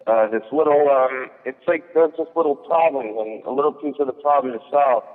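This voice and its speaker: In a mid-range voice, a little on the fast side, this guest comedian chats casually through a rambling story. He uses many fillers and keeps restarting, all over a thin, phone-like recording with long echo.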